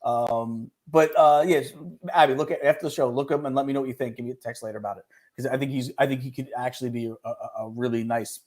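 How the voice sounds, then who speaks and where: Fast-talking animated male sports co-host. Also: mid-range voice. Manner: animated, quick, talks over others. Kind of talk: casual sports chat.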